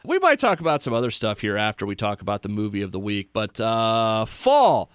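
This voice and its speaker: A man hosting a casual movie chat, lively and playful. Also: on the low side, a little fast, clean tone, no room sound, clean studio sound. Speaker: podcast host.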